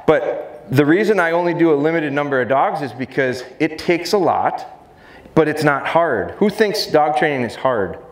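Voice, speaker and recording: A middle-aged man giving a dog training seminar to a live audience, talking energetically and joking with the crowd. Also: medium pitch. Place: large exhibition hall. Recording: roomy hall echo, faint crowd ambience.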